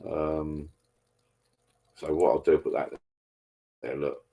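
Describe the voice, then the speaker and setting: Husky low-voiced man chatting. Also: flat delivery, slow, dark tone. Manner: rambling, chatty, reads out viewer comments. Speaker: live-stream host. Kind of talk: casual live-stream chat.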